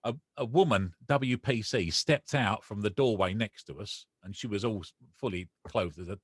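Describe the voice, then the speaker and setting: A man's voice: on the low side, moderate pace, slightly rough, dry recording. Emotional man telling his story. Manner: emotional, animated retelling with quoted dialogue. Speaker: podcast guest. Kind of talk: personal storytelling interview.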